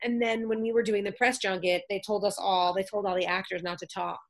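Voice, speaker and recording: A woman guest, an actress and comedian, telling stories in casual chat, lively, acting out the voices of others and swearing freely over a remote call. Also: mid-range voice, brisk.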